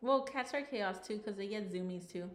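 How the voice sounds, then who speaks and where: A woman in her thirties talks casually on a podcast, relaxed and playful and quick to laugh. Her voice sits in a middle range, and the room gives it a noticeable echo. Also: mid-range voice. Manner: easygoing and playful, laughs often. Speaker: podcast co-host. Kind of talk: casual chat.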